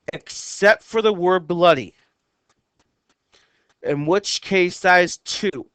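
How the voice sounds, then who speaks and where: A man teaching a lesson, slowly counting the syllables of short poems and reading their lines aloud word by word. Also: high voice, a bit bright, smooth, no echo. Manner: slow and careful, reads lines out word by word. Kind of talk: explaining haiku syllable counts.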